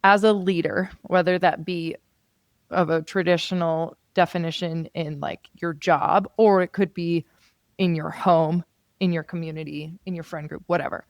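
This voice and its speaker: A woman's voice: fairly low pitch, fairly even intonation, normal speed, no room sound, studio quality. A woman hosting a podcast, interviewing a guest and building long, thoughtful questions. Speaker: podcast host.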